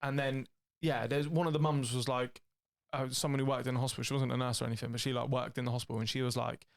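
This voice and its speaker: A British man with a gravelly, fry-edged voice, cohosting a podcast. He tells long, swear-laden stories full of tangents and puts on the voices of the people he quotes. His pitch sits mid-range. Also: quick pace. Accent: British English. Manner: rambling, profane, animated storytelling with acted-out quotes. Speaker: podcast co-host. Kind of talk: casual storytelling chat.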